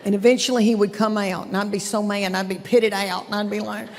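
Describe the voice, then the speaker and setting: A woman's voice: mid-range voice, fairly even intonation, quick pace, few pauses, long reverb tail, a little hiss or hum. A woman in her fifties with a Southern American accent, performing stand-up comedy and talking straight to the audience in a chatty drawl. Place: theater stage before a live audience.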